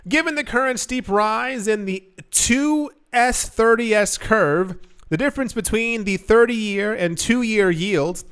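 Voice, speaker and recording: Man, young adult, crypto news host, casual commentary, rambling, lots of "like", smooth clear voice. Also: high-pitched, slow, a bit bright. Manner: rambling, full of "like" and self-corrections.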